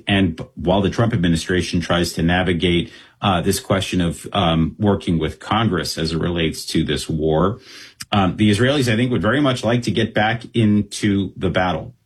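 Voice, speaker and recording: A man speaking as a guest analyst in an interview, talking quickly and steadily with frequent ums and uhs. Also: sits low, breathy edge. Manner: fast, measured, with frequent um and uh. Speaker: Middle East analyst guest.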